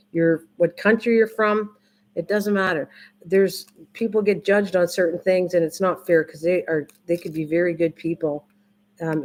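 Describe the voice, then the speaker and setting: Older lady rambling on her craft stream, kinda low voice, repeats stuff a lot. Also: darkish tone. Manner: rambling, repeats herself, restarts often. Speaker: livestream crafting host. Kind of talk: casual chat with live viewers.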